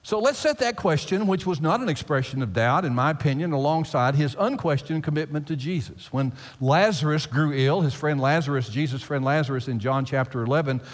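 A man preaching a sermon as pastor, emphatic and animated, repeating phrases for effect. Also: on the high side, brisk, few pauses. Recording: long hall reverb.

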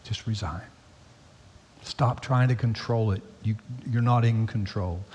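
A man preaching a sermon as pastor, swinging from loud, high pleading to hushed near-whispers. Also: unhurried, muffled recording, a little hiss or hum. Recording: long hall reverb.

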